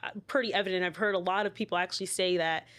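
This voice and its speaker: A woman hosting a podcast interview, listening closely with soft affirmations and asking probing questions. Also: fairly low pitch, fairly even intonation, rapid-fire. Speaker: podcast host.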